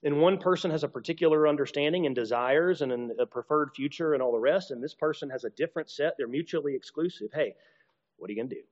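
A man's voice: a little high, quick pace, a little mellow. A man giving a conversational teaching talk to a group, acting out short exchanges and often restarting his sentences. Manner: conversational, acts out little dialogues, many restarts. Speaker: preacher or teacher. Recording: dull, muffled sound with a long hall reverb.

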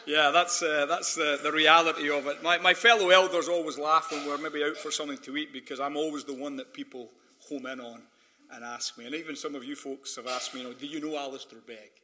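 A man's voice: fairly high pitch, fairly even intonation, brisk, bright, forceful tone. A Scottish man, a Christian minister, preaching a conference sermon and weaving humorous personal anecdotes into it. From Scotland. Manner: storytelling, humorous, mimics voices in quotes. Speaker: pastor.

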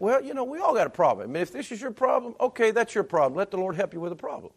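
Male pastor, high and lively delivery, casual preaching with loud bursts and quiet asides. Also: fast talker. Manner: conversational, repeats words and restarts. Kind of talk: sermon.

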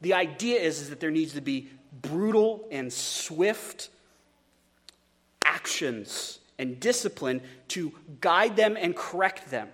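A man's voice: a little high, expressive, takes it slowly, a bit bright, long reverb tail. Man preaching with stumbling repeats. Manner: conversational, stumbling repeats, joking asides. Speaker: pastor. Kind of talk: sermon.

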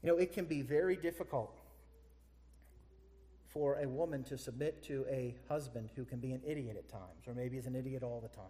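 Animated preacher man in an echoey hall. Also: medium pitch, brisk. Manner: animated, rhetorical questions to the congregation. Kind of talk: sermon.

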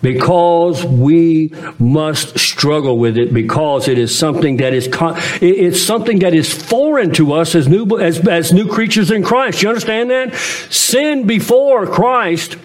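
A man's voice: fairly high pitch, expressive, a little slow. A male pastor preaching a sermon in an earnest way, asking his congregation questions.

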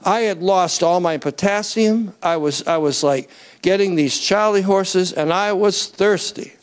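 A man preaching a sermon to a congregation in an animated way, asking for raised hands and building up to near-shouts. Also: high voice, measured pace, clear, resonant tone. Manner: asks the crowd to raise hands.

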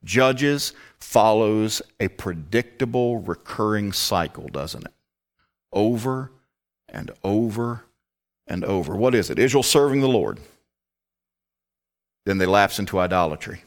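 A man's voice: fairly low pitch, lively intonation, unhurried. A man teaching a Bible study, emphatic and prone to rhetorical questions.

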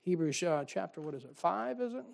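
A man's voice: high voice, animated, brisk, vocal fry. A man preaching a sermon in a folksy, conversational way, often asking the congregation questions.

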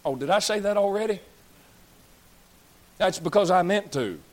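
A man's voice: sits high, expressive, moderate pace, a little mellow. A man, preaching a blunt, folksy sermon as pastor, scolding and joking with his congregation. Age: 30s. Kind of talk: fiery sermon.

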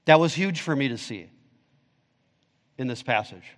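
A man preaching a sermon as pastor, emphatic, rising on his questions and dropping low and soft to press key points. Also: animated, a little slow. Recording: long reverb of a large hall.

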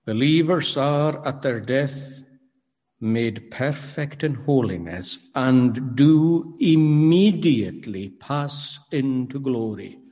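A man preaching a sermon, emphatic and rhetorical, pausing dramatically and questioning his listeners. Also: medium pitch, lively intonation, warm tone. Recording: long hall reverb.

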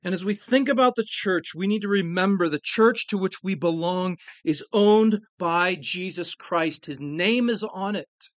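A man preaching a sermon, earnest and emphatic, leaning on key words with slow stressed phrases. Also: sits high, no echo.

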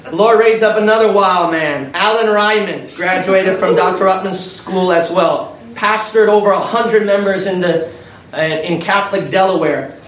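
High-voiced preacher in an echoey room. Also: male voice. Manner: animated, storytelling with energy. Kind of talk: sermon storytelling. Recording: echoey room from far off with faint noise.

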